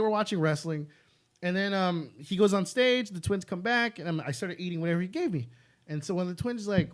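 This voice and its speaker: A man's voice: high voice, lively intonation, fast talker. A man in casual podcast chat, a stand-up comic telling stories with lots of swearing and laughter.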